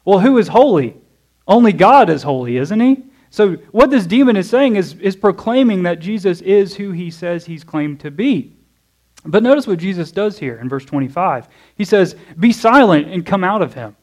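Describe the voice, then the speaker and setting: In a high, animated, slightly mellow voice at a moderate pace, a man delivers an expository morning sermon in church, walking through a passage. He keeps it conversational, tossing in "okay?" and "right?" and asking the congregation questions he then answers.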